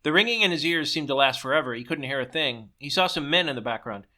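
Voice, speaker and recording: A man's voice: fairly high pitch, animated, quick pace, sharp tone. A man reading his own story aloud, stumbling and correcting himself as he goes.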